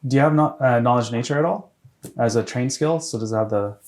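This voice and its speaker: A man runs a tabletop game session, his voice worn and going hoarse. He talks in a halting way, full of restarts and fillers, at an ordinary pitch. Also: darkish tone, a little hiss or hum. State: losing his voice, clearing his throat. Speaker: game master.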